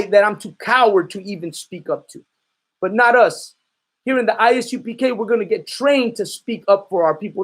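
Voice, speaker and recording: A man preaching in a fiery, confrontational way, calling out his listeners and giving commands to a reader. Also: high-pitched. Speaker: street preacher.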